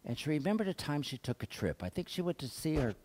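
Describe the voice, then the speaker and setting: A male pastor giving a sermon in a church, telling stories in a conversational way, rising to emphatic points and dropping to hushed asides. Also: a little high, fast. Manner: conversational storytelling, lively swings between emphatic and hushed. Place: church sanctuary.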